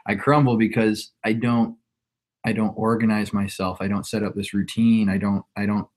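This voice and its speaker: Podcast guest, male, 20s, lower pitch, reflective rambling delivery. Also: little pitch movement, normal speed, a little mellow. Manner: reflective, rambling with frequent restarts. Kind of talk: casual conversation.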